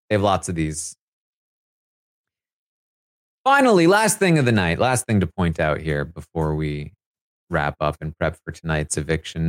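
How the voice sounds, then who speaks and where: Man, recap host, casual, chatty, animated pitch, dry close sound. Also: dry recording. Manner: chatty, filler-heavy, laughs while talking. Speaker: live feed recap host.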